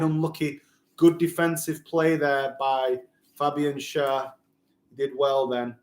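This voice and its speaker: A man's voice: on the high side, echoey room. A man giving live, opinionated fan commentary on a football match for a watch-along stream.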